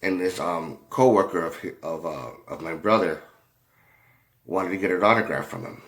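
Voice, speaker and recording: Low-voiced man telling a rambling story. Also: a bit bright. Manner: halting, many fillers and restarts, swears freely. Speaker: commentator.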